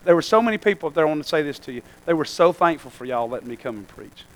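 Folksy pastor with a high voice. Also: male voice, expressive, racing, rough recording. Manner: folksy, rambling, calls out to the congregation. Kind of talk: sermon and church announcements.

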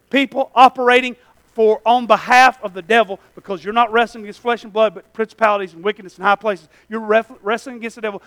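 A male pastor, preaching a sermon, swinging between loud shouting and low asides to the congregation. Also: creaky, no room sound.

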